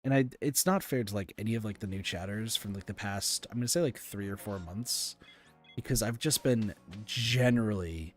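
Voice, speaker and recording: Faint music plays behind a man with a lowish voice speaking at a moderate pace. Streaming a game, he rambles candidly and vents his frustrations in casual chat, with lots of fillers and restarts.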